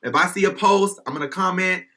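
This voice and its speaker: A man's voice: high-pitched, a little fast, bright, forceful tone. Outspoken man guest from Miami. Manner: outspoken, blunt. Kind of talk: casual interview chat.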